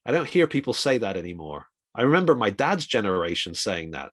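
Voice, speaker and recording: A middle-aged man giving an informal, reflective talk on communication for ministry, with quick asides. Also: lowish voice, very animated, no echo, clean studio sound. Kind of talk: conversational talk.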